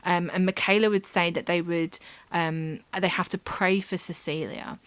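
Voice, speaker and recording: Chatty woman with a low, dry voice. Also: fairly even intonation, moderate pace, clean tone, no echo. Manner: chatty, many fillers. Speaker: podcast co-host. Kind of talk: casual true-crime chat.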